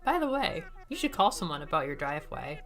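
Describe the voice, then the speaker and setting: A woman's voice: deep voice, very animated, fairly quick, fairly bright tone, exaggerated voice. A woman voicing a stubborn, blunt young woman climber, with snippy retorts. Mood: brash.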